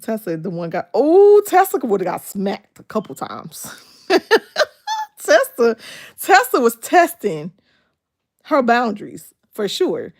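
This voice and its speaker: A woman's voice: on the high side, wildly swooping pitch, takes it slowly. A woman, hosting a casual livestream chat, laughing often and talking back animatedly to her viewers. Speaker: livestream host. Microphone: phone.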